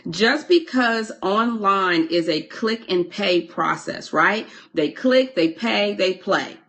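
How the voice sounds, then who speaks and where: Her voice is medium in pitch, expressive and a bit bright, and she talks slowly as she teaches an online course over a live stream. Reading comments as they come in, the coach chats freely, repeats her words often, and stops partway through sentences to say hello and thanks to viewers.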